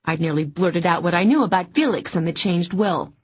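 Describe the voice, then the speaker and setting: A woman narrating a first-person audiobook in a steady, even reading. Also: fairly low pitch, fairly quick, slightly rough.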